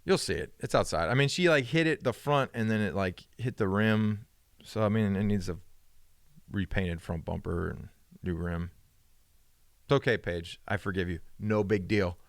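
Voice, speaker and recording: A man's voice: moderate pace, no echo. A man co-hosting a podcast, chatting casually and acting out the voices in his stories. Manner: animated storyteller, acts out quoted dialogue with rising pitch. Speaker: podcast co-host. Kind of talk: casual chat.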